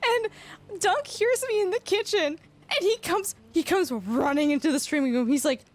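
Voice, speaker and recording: A young woman chatting casually on a live stream, telling an embarrassing story with lots of laughter and sudden high squeals. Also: moderate pace. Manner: animated storytelling, frequent laughter, rising squeals. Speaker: livestreamer.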